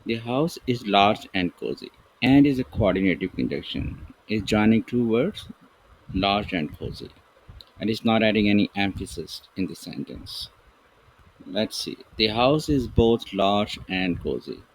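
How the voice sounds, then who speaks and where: A man teaching an English grammar lesson, reading example sentences slowly and deliberately while writing with a pen. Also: lowish voice, lively intonation, breathy edge, poor audio.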